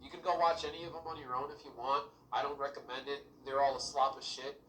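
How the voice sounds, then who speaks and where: A man's voice: mid-range voice, fairly even intonation, fast talker, a bit bright, echoey room, far from the mic, slight background noise, rough recording. A man ranting bluntly and profanely at another creator in a casual vlog clip. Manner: blunt, profane, addressing the viewer directly. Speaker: small youtuber.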